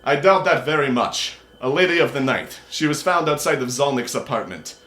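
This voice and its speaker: A man's voice: medium pitch, expressive, moderate pace, fairly bright tone, voice pushed up, lightly acted. A man voicing a cold, commanding half-human tigress woman who leads a party, speaking curtly. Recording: roomy echo.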